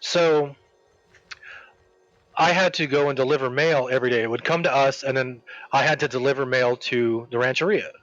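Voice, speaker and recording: A man telling a long workplace story in casual chat while streaming a game, rambling and animated, acting out the people he quotes. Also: mid-range voice, normal speed, no room sound, highs cut off, soft background music.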